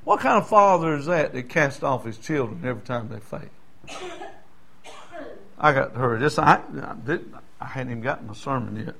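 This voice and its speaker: A middle-aged man preaching a sermon, folksy and storytelling, rising now and then into shouting. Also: mid-range voice, animated, moderate pace, creaky, pauses often. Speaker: pastor.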